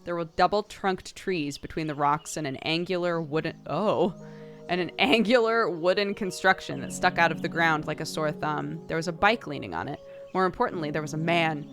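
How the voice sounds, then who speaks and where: Low-voiced woman streamer reading a game aloud. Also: normal speed, fairly bright tone, faint music behind. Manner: playful, laughing asides.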